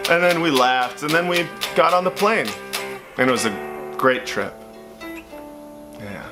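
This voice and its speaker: A man's voice: a little high, unhurried, over music. A man doing stand-up comedy, telling a story and acting out the voices in it. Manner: animated, acts out voices in his story.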